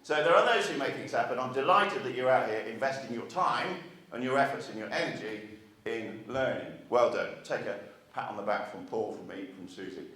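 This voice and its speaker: A man's voice: mid-range voice, brisk, fairly bright tone. Man giving a speech in an echoey hall. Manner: chatty, asks the audience rhetorical questions. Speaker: marketing speaker. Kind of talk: conference speech to an audience. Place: meeting hall with a live audience. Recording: echoey hall, mic far off.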